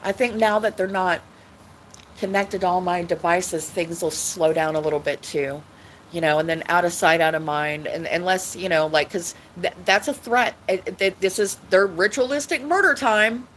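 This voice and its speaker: A woman's voice: fairly low pitch, normal speed, a bit bright, slight background noise, poor audio. Rambling woman on a livestream. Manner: rambling, repetitive, swearing often. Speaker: livestream host. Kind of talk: rambling casual livestream talk.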